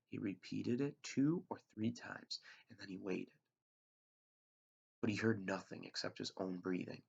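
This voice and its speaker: A male teacher reading a novel aloud to his class with expressive narration. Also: on the low side, a little slow, vocal fry, husky, dull audio.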